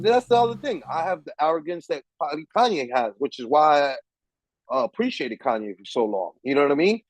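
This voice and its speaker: Guy on a podcast going off, cursing nonstop, kinda high voice, dry sound. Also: very animated, brisk, no room sound, poor audio. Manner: heated, profane, emphatic ranting. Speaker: podcast host. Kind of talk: casual chat.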